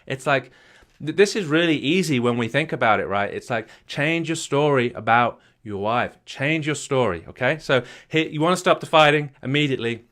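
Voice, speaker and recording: A man's voice: mid-range voice, animated, normal speed, fairly bright tone. A man giving a motivational talk as a marriage coach, emphatic and repetitive, firing questions at the listener.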